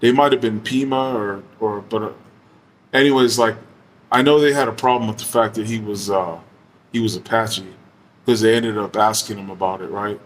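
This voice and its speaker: A man telling a story in a relaxed, casual way, full of slang, swearing and fillers like "you know". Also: fairly low pitch, moderate pace. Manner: laid-back, slangy and profane, heavy use of fillers.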